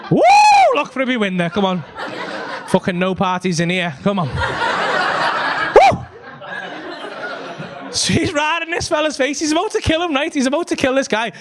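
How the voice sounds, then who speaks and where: A man doing stand-up, telling a story with lots of swearing and laughter. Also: high voice. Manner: animated, swearing, laughs at his own story. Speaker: stand-up comedian. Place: comedy club stage.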